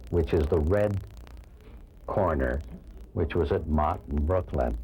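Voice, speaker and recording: A man's voice: low-pitched, measured pace, long pauses, a little mellow, slightly rough, highs cut off. An older man telling family memories in an interview. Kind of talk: interview recollection.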